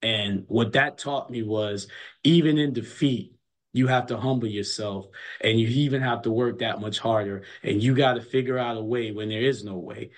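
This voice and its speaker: A man's voice: mid-range voice, normal speed. Middle-aged coach guy telling stories, emphatic, keeps repeating words to drive it home. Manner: emphatic storyteller, repeats words as he builds a point. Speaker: college basketball coach. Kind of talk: casual interview chat.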